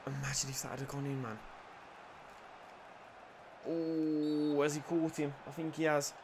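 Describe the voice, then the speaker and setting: A young man commentating his own football video game, excitable, muttering and then shouting, swearing and joking. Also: on the high side, measured pace, a little hiss or hum. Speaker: gaming YouTuber. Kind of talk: live gameplay commentary.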